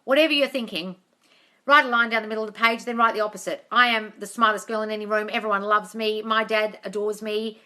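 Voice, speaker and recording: A woman's voice: mid-range voice, steady tone, fast, pushed and bright. A woman hosting a live-streamed Q&A as a manifestation coach, effusive, calling viewers darling and swearing casually. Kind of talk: live-stream Q&A, reading comments aloud. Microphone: tablet mic.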